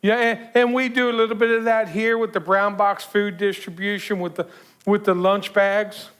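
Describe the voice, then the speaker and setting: A man's voice: high voice, little pitch movement, moderate pace, fairly bright tone, clear, resonant tone. A man giving a casual sermon, telling a story and acting out the people in it, with many repeated words and restarts. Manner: conversational storytelling, acts out quoted voices. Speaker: preacher.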